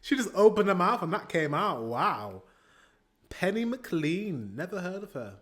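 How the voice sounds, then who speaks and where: This British man has a high, a bit bright voice and speaks very animatedly, if a little slowly. Reacting to music with faint pop playing behind him, he chats and rambles, laughing often between comments.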